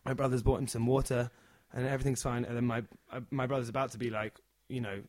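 A man telling a funny story in a casual chat, animated and acting out the people in it. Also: medium pitch, fast, dry recording. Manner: animated, acts out the characters.

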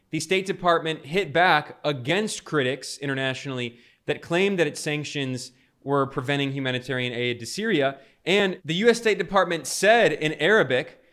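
A man's voice: fairly high pitch, a bit bright. A man giving political commentary, emphatic and indignant, stressing key words.

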